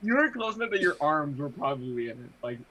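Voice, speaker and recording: A man's voice: a little high, big pitch swings, fast talker, sharp tone, slight background noise, rough recording. Rambling young man in casual chat. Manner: rambling, filler-heavy, laughs mid-story. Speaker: podcast co-host.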